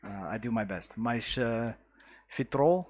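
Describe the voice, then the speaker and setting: A man streaming a city-building game live, rambling easily to his chat with lots of fillers and false starts. His voice sits at an ordinary middle pitch for a man, and he stops to greet viewers by name as they pop in. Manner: chatty and halting, full of uh and restarts.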